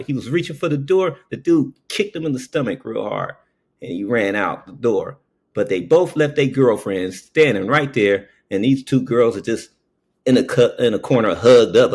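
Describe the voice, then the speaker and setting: A man telling a story in a casual monologue. He checks in with "okay?" after nearly every phrase and jumps up in pitch when he acts out quoted voices. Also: breathy edge. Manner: slow, keeps saying "okay?" between phrases.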